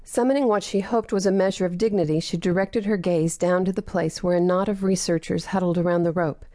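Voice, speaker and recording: A woman narrating a novel as an audiobook, reading in a steady, even manner. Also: on the low side, fairly quick, no room sound, clean studio sound. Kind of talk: scripted narration.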